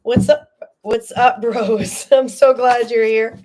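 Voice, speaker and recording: A woman giving a live tarot reading, chatty and animated, often checking in with "okay?" and "all right?", and tearful at times. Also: on the high side, takes it slowly. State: tearful, emotional. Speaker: tarot reader.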